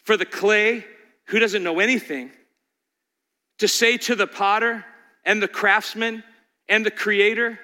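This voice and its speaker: A man preaching a sermon with animated rhetorical questions, sometimes acting out voices. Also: high voice, measured pace, pauses often, in a large hall. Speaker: pastor.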